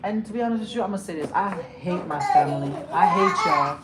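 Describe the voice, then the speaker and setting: Heated, profane woman ranting on a livestream. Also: a little fast. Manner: heated, profane, repeats herself for emphasis; swings from loud outbursts to low, muttered asides. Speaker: livestream host. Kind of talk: emotional livestream rant. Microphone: phone or webcam on a livestream. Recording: steady background noise.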